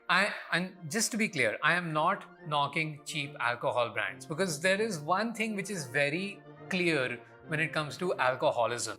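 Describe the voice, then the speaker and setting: A young man with an Indian accent rants through a comedy commentary, sarcastic and exasperated. His voice is bright and lively, leaping up and down in pitch, with faint music underneath. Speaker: comedian and show host. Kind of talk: scripted comedy commentary rant.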